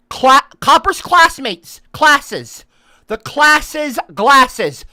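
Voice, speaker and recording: A woman livestreamer ranting for comic effect, profane and bossy, lecturing her chat and breaking into shouted outbursts. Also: medium pitch, sing-song, normal speed, no room sound, clean studio sound. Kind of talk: comedic livestream rant.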